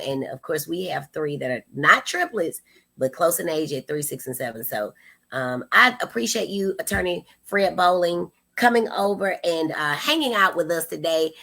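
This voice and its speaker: A woman's voice: sits low, animated, a little slow, vocal fry, a bit bright. A woman in her thirties hosting a casual livestream, chatting playfully and talking straight to her viewers. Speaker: host.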